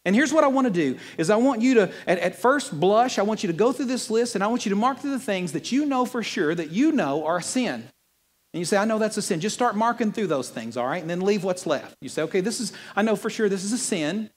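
A male pastor preaching a sermon in a church in an animated, conversational way with playful asides. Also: high voice, quick pace, long reverb tail.

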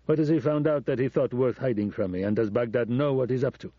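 A man's voice: medium pitch, quick pace, no echo, natural voice. A man voicing a curt, impatient middle-aged male ambassador woken by a phone call, brusque and demanding. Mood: calculating.

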